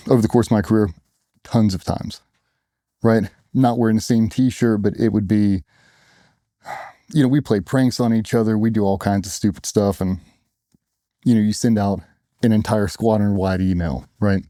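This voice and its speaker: A middle-aged man who once served as a special operations operator tells war stories in a casual interview, blunt and sometimes profane, acting out others' words. His lowish, warm voice has fairly even intonation at normal speed with frequent pauses, in clean studio sound with no echo.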